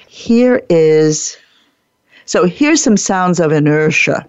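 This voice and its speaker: Deliberate woman host, gravelly voice. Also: low-pitched, expressive, a little mellow, dry recording, dull audio. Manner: deliberate, emphatic, repeats key phrases. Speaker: podcast host. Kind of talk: teaching talk on workplace improvement.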